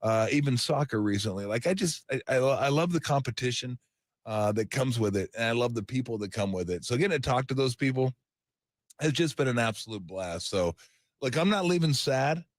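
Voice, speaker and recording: A man's voice: mid-range voice, animated, fairly quick, dry recording, clean studio sound. An older man, a longtime sports radio host, talking in an easygoing, rambling way on air. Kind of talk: farewell radio talk.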